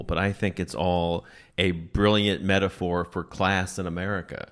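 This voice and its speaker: A male stand-up comedian recapping a movie to a friend in an animated way, often laughing and acting out lines. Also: low-pitched, a little slow, few pauses, a little hiss or hum.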